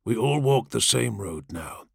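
A man doing a low, soothing warrior-priest. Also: lively intonation, a little slow, gravelly, breathy edge, no room sound, studio quality, heavily acted. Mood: solemn. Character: calm, soothing male warrior-priest, grave and earnest.

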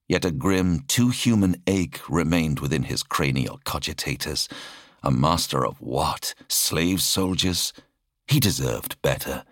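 A man reading a dramatic audiobook narration in an expressive storytelling manner. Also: low-pitched, no echo, studio quality.

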